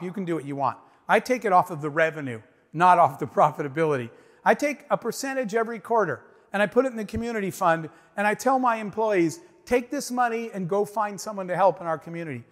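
A man's voice: high voice, long reverb tail. A man giving a motivational speech, telling a story with emphasis and acting out the dialogue. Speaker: business owner giving a speech.

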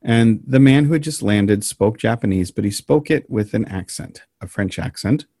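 Dry-voiced man joking deadpan. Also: fairly low pitch, moderate pace, no room sound. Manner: deadpan joking, meandering with frequent ums. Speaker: podcast co-host telling the story. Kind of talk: casual banter and storytelling.

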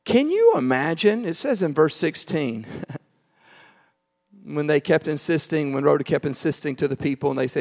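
A man preaching a sermon, telling the story with animated acted-out voices, swinging from shouts to quiet asides. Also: normal speed, long reverb tail. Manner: animated storytelling, acting out voices, shouting then dropping low. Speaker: pastor.

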